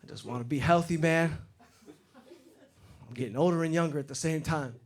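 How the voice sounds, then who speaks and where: High-voiced middle-aged stand-up comedian. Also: male voice, fairly quick. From Detroit. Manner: loud animated bits when acting out others. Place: comedy stage before a live audience. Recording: live show with loud crowd laughter. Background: crowd laughing.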